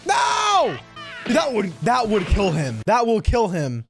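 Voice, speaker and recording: A woman hosting an anime reaction channel, commenting live with excitable shouts, laughter, slang and lots of swearing. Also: mid-range voice, unhurried, music in the background.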